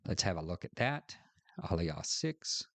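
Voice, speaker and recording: A man teaching a scripture study lesson, walking through the text and reading verses aloud with deliberate emphasis. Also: low-pitched, sing-song, no echo. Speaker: Bible teacher.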